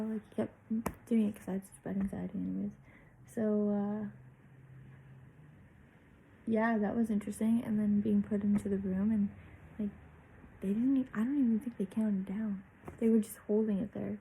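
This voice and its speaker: A woman's voice: mid-range voice, fairly even intonation, normal speed, creaky, warm tone, a little hiss or hum, poor audio. A young woman vlogger telling a personal story in a candid, chatty way, swearing freely.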